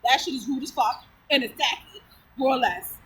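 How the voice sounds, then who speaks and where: A storyteller vlogger with a high voice talks fairly quickly over some background noise. She chats casually through a personal story, blunt and profane, laughing often as she retells it in an animated, lively way.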